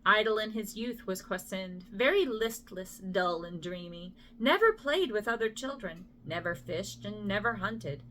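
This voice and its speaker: A woman's voice: mid-range voice, expressive, a little slow, hardly any pauses, fairly bright tone, slight background noise. A middle-aged woman reading a poem as a bedtime story. She trips over the hard names and breaks off to apologize and joke at her own expense. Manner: stumbles over names and apologizes with self-deprecating asides.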